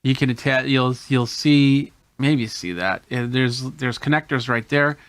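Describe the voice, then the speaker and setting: Male tech host, mid-pitched, casual hands-on gadget walkthrough, dry close sound. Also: a little slow, fairly bright tone, clear, resonant tone, dry recording. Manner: explains hands-on while demonstrating gadgets. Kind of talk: casual gear demo.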